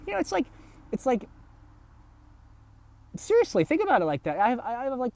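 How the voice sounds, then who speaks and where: A man rambling in a solo monologue, swearing often and restarting sentences, and speaking in a put-on affected accent with his throat held low. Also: a little mellow, no echo. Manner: profane, rambling, restarts and repeats words. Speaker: vlogger.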